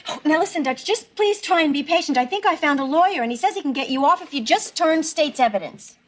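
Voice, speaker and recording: A woman's voice: high voice, lively intonation, fast talker. An actress playing a theatrical, gushing woman from Connecticut who is visiting her jailed lover in a TV sitcom. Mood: melodramatic. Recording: sitcom with studio audience laughter.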